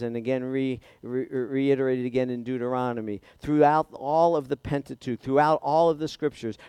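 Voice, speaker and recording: A man preaching a sermon, an animated storyteller who acts out the voices in the story. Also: medium pitch, clean tone, no echo. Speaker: pastor.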